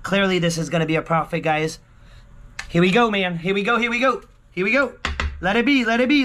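A man vlogging a lottery scratch-off, talking excitedly to his viewers, repeating exclamations and swinging from hushed murmurs to yelling. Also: extremely high pitch, fairly quick, a little hiss or hum. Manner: exclamatory, keeps repeating himself and calling out to viewers. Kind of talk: excited casual vlog commentary.

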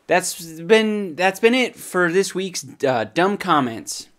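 A man's voice: high voice, animated, takes it slowly, few pauses. Sarcastic young man mocking a product. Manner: crude, mocking, swears often; swings between loud outbursts and muttered asides. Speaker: comedy vlog host. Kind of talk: sarcastic comedic product review.

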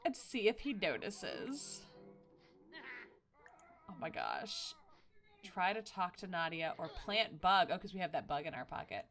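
A woman hosting a casual game playthrough, excitable and quick to gasp and laugh as she reacts. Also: on the low side, soft background music. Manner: excitable, frequent gasps and laughter. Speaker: gaming video host. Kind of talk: casual let's-play commentary.

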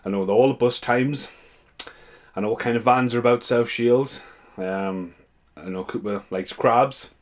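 A man's voice: medium pitch, a little slow. A young man rambling and swearing as he reacts to voice messages. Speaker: vlogger. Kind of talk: casual reaction commentary.

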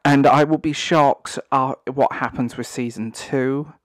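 Man, online commentator, sarcastic rant, exasperated, unhurried delivery, mid-pitched voice. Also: fairly even intonation, dry recording, studio quality. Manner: sarcastic, exasperated, breaks into disbelieving laughter. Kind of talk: ranting commentary.

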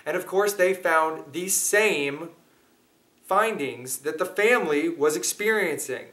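A man's voice: on the high side, lively intonation, slow pace, fairly bright tone. A man hosting, telling a story to his viewers in an earnest, casual way. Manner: earnest, speaks straight to viewers. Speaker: host.

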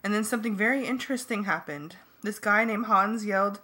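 A woman reading a first-person novel aloud as an amateur audiobook, in a plain, steady manner. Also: mid-range voice, brisk, husky. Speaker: audiobook reader.

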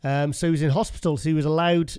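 A man's voice: on the high side, little pitch movement, fast, a little mellow, smooth. A British man hosting a podcast interview, enthusiastic and chatty, often repeating himself and calling his guest mate. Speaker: podcast host. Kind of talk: casual interview chat.

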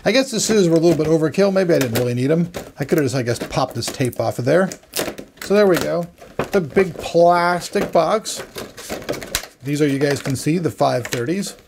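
A chatty tech reviewer, a man with a slightly high voice, talks his way loosely through unboxing a headset. There is a gravelly, fry-edged grain to his delivery, and he rambles and pokes fun at himself as he goes. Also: animated, quick pace, noisy background. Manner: chatty, rambling, self-deprecating. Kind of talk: casual unboxing commentary.

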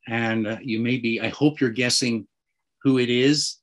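A man with a Canadian accent speaks on a panel at an unhurried, deliberate pace. He halts often on fillers. A gently wry humor runs under his words. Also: mid-range voice, fairly even intonation, low-quality recording. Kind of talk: panel discussion remarks.

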